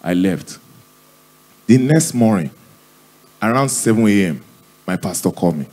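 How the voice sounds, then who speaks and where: A man with a Nigerian accent telling a comic story on a live stage, deadpan and acting out the dialogue. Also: fairly low pitch, measured pace. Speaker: stand-up comedian.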